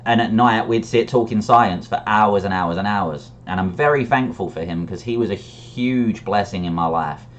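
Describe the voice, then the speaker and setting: A man's voice: lowish voice, moderate pace, hardly any pauses, highs cut off. A man telling a personal story in a reflective, candid way, often restarting his sentences. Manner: reflective and candid, with frequent restarts and brief laughs.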